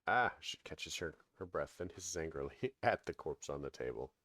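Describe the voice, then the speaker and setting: A man's voice: rumbling low, lively intonation, normal speed, fairly bright tone, no echo. A man casually commenting on a game and reading its text aloud, hesitant, with many fillers. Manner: hesitant, filler-heavy, chuckling. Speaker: let's-play gamer.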